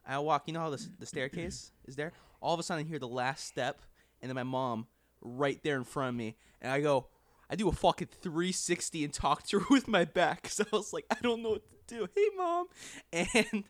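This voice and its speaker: Young man telling a story, higher voice. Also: a little fast, no room sound. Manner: animated, laughing, swearing freely. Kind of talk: casual storytelling among friends.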